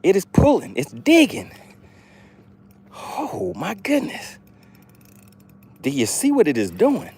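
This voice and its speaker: A man hosting a live fishing stream, talking excitedly to his chat viewers. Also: high voice, slow pace, creaky, pauses often, husky. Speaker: fishing livestream host.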